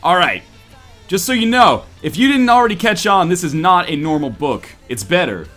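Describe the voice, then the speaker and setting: A man with a high-pitched voice, speaking at normal speed, hosts a casual voice-call podcast where he jokes and reads a visual novel aloud. His delivery is animated, profane and mock-dramatic, over faint rock music.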